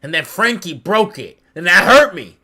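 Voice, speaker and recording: A man hosting a podcast, excitedly retelling a story with lots of swearing and acted-out reactions. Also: sits high, normal speed. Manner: excitable, profane, acts out his own reactions. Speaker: podcast host. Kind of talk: animated casual storytelling.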